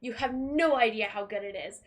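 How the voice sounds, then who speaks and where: A woman's voice: on the high side, moderate pace. A young woman streamer in casual chat, rambling, swearing often and laughing between thoughts.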